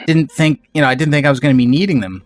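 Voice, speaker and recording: A man's voice: fairly high pitch, racing, no room sound, faint music behind. A man casually chatting on a live game stream, rambling and greeting viewers in chat. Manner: rambling, reads out chat names.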